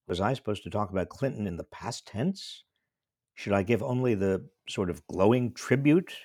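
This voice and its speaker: A man's voice: mid-range voice, darkish tone, breathy edge, no room sound, clean studio sound. A man in his seventies from small-town New York, a professor telling a wry, reflective personal story. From small-town New York State. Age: 70s. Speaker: professor and commentator. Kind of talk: storytelling monologue.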